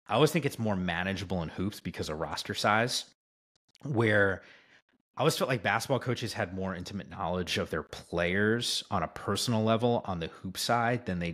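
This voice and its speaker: Low-voiced male sportscaster guest, eager and rambling, keeps asking "right?". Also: fairly bright tone. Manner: enthusiastic, rambling, heavy use of "like" and "right?". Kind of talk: casual podcast storytelling.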